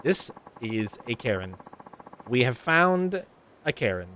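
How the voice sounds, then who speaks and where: A man streaming a game, making wry, deadpan asides between reading the dialogue. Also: medium pitch, slow pace, slight background noise. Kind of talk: casual gameplay commentary.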